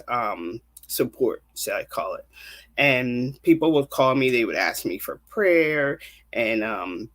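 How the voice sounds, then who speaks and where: A woman counselor telling a personal faith testimony in an earnest, vivid storytelling manner. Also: rumbling low. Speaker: counselor and guest.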